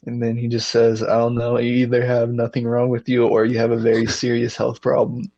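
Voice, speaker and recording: A man's voice: mid-range voice, monotone, brisk, darkish tone, muffled recording. A young man in casual podcast chat, joking and wry. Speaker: podcast co-host.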